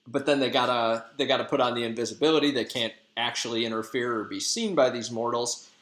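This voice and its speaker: A man's voice: medium pitch, fairly even intonation, fast talker, a bit bright. A male teacher casually retelling a play to his class in slangy, conversational talk. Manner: slangy, conversational, lots of fillers. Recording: echoey room.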